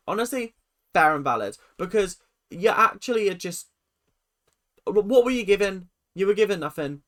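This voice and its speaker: An animated voice ranting through a ranking of reality-show contestants. The delivery is sarcastic and lively, leaping high on outbursts and dropping low for asides. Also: moderate pace. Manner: animated, sarcastic, jumping pitch. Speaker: YouTube commentator.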